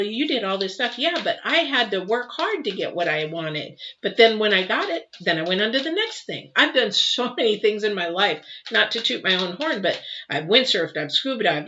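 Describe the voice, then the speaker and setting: Bright-voiced woman reading tarot, emotional. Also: medium pitch. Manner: emotional, exclamatory, swings between bursts and soft murmurs. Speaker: tarot reader. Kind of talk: live intuitive tarot reading. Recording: slightly dull, faint noise.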